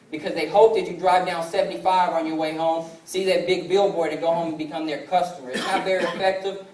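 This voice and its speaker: High-voiced young man presenting in an echoey hall. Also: darkish tone, a little hiss or hum. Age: 20s. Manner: storytelling that acts out family dialogue. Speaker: sales presenter. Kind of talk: motivational business presentation. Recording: echoey hall from far off, faint ambience.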